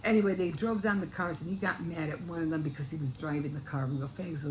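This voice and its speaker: A woman's voice: low-pitched, fairly even intonation, fast talker, noisy background. An older woman casually retelling a book's plot in a rambling way, often stopping to search for words. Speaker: book vlogger. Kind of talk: casual book recap.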